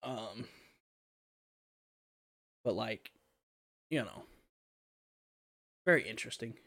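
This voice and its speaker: A man's voice: on the low side, expressive, slow pace, creaky, fairly bright tone. A young man hosting a podcast in casual chat, rambling and swearing with lots of fillers. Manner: rambling and profane, with frequent fillers and laughter. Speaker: podcast host.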